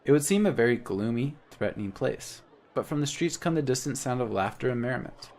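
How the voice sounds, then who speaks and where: A man's voice: medium pitch, animated, brisk, a little mellow, slight background noise. A man playing a text game, reading its story aloud and adding casual comments in between. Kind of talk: let's-play narration and commentary.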